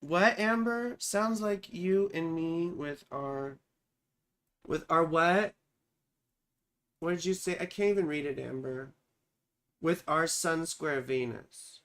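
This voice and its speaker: A woman's voice: deep voice, takes it slowly, pauses often. A woman astrologer giving a casual live-stream reading, chatty and profane, who keeps answering her chat.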